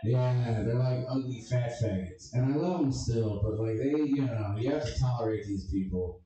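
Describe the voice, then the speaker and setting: A man's voice: mid-range voice, moderate pace, over music. A man doing a stand-up comedy set with crude, abrasive and self-deprecating jokes. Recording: echoey room, distant mic, crowd audible.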